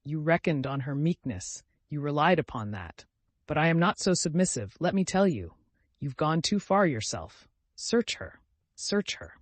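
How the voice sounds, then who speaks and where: A man voicing a desperate, consumptive mother who pleads and accuses in shrill, hoarse outbursts. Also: very animated, moderate pace, dry recording. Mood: furious.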